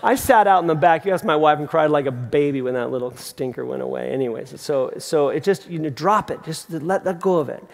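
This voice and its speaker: A middle-aged man preaching a sermon as pastor, conversational and animated, with emphatic repeats. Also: on the high side, a little fast, creaky, few pauses. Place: large theatre. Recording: long hall reverb from a theatre.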